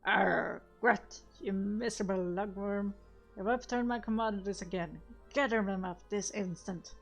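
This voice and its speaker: A woman's voice: medium pitch, measured pace. A woman voicing a haughty, scolding male goblin gunner, with dull audio and game music behind her.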